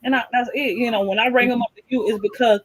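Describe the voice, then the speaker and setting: A woman's voice: fairly high pitch, steady tone, fast talker. A woman hosting a tarot talk show, speaking bluntly and emphatically in casual slangy chat.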